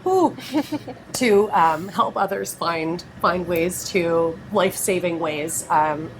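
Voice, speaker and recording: A woman's voice: fairly low pitch, slow pace, noisy background. A woman, hosting a talk show, who speaks in an effusive, gushing way and gets tearful. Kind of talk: emotional interview talk.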